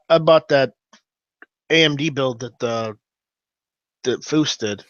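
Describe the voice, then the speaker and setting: A man chatting casually on a show, halting and restarting with fillers and stammers. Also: mid-range voice, a bit bright, dry recording. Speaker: podcast regular. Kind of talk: casual gun talk chat. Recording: dull lo-fi audio.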